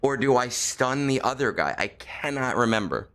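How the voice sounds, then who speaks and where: Chatting loosely with his audience while playing, a male streamer speaks at medium pitch and normal speed, very animated and fairly bright. He mutters under his breath and self-corrects while working through each move.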